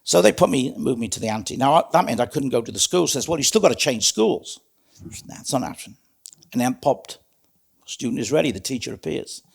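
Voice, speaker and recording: A gravelly, husky voice, mid-range, expressive and fairly quick, belongs to a middle-aged man from South Wales. As a guest in an interview, he tells his life story plainly and earnestly, calling the host "mate."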